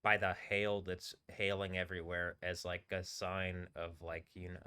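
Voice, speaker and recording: Man streamer, rambling and halting, very bright tone, lowish voice, off-the-cuff. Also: level tone, clear, resonant tone. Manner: rambling, halting, trails off and restarts words. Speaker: live streamer. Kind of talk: casual rambling livestream talk.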